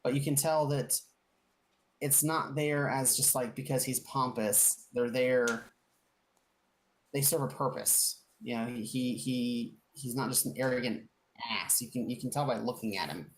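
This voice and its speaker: A woman's voice: rumbling low, fairly even intonation, unhurried. A woman narrating as game master of a tabletop game, describing scenes in a rambling way with many restarts.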